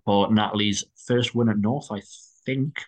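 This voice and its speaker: A man with a lowish voice chats casually as a podcast co-host. He rambles, restarts his sentences and laughs often. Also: steady tone, moderate pace, poor audio. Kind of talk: casual chat.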